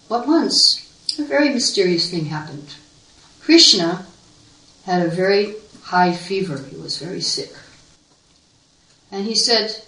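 A woman's voice: lowish voice, a little slow, long pauses, sharp tone. A woman telling a devotional story as a sermon, earnest and vivid, acting out the quotes. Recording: echoey room, voice far from mic.

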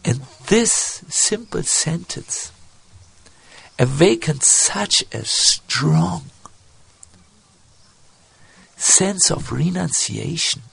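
A man gives a slow devotional sermon, telling a story with lively, swooping pitch. His voice has gravelly fry and a husky edge. He speaks haltingly, with many fillers and restarts. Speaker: spiritual speaker.

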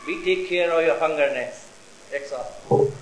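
High-voiced man lecturing in an echoey room. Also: noisy background. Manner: explains slowly, repeats each term twice. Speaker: teacher.

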